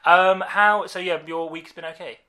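A man's voice: high voice, fairly even intonation, normal speed, pushed and bright. A man co-hosting a podcast in casual, jokey chat, rambling and swearing a lot while tipsy from wine. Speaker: podcast co-host.

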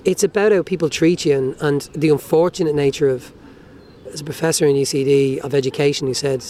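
A man in his forties with an Irish accent, reading a spoken-word poem in a soft, measured way, then talking animatedly as a guest. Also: fairly high pitch, fairly even intonation, slight background noise. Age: 40s. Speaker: guest, writer and performer.

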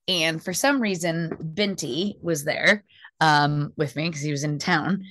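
A young American woman, a stand-up comic, telling a story in a loose, lively way. She laughs often and acts out what others said. The sound is dry and close. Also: low-pitched, a little slow, no echo. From United States. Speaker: stand-up comedian. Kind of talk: casual chat, storytelling.

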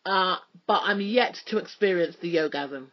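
Husky chatty radio woman. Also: fairly low pitch, normal speed, highs cut off. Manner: chatty, joking, many fillers. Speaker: radio presenter. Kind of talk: casual radio chat.

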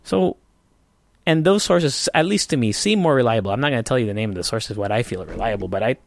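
A man's voice: medium pitch, lively intonation, fast, creaky, dry recording. A man hosting a casual solo podcast, rambling and swearing freely with frequent restarts. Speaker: podcast host.

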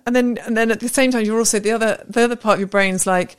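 A woman in her thirties co-hosting a podcast, telling stories in a lively, animated way and acting out voices. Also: on the high side, very fast, hardly any pauses, no echo, clean studio sound. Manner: animated storyteller, acts out voices. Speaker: podcast co-host. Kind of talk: casual chat.

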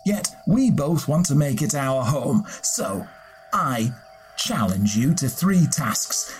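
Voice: mid-range voice, darkish tone. A storyteller speaking as an old village schoolmaster, earnest and plain in the way he talks.

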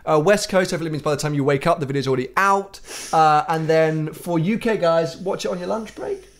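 Male host, chatty car-podcast talk, slightly high voice. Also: fast talker. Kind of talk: casual podcast chat.

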